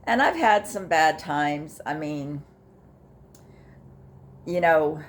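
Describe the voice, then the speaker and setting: An older woman, talking casually in a personal vlog, halting with fillers and restarts, emotional and close to tears at times. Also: sits low, expressive. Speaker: vlogger sharing her grief journey.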